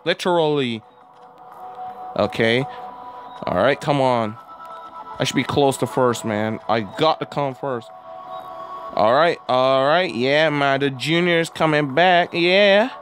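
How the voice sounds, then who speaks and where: A man hosting a gaming video who has a cold, giving casual gameplay commentary and yelling and groaning at the game. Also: medium pitch, takes it slowly, pauses often, faint music behind. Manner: excitable, yells and groans at the game. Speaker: gaming channel host.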